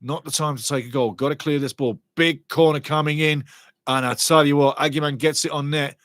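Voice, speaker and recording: A man's voice: a little high, fairly quick, dry recording. A man giving passionate fan commentary on a live football match, cheering his side and reading out chat messages. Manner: excitable, partisan, reads chat comments aloud. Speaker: fan watch-along commentator.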